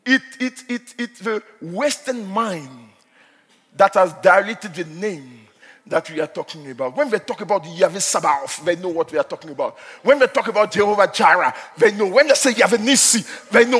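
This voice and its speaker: A male preacher giving an impassioned sermon, dropping to hushed asides and rising to shouts. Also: high-pitched, expressive, moderate pace, husky, long reverb tail. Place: church hall.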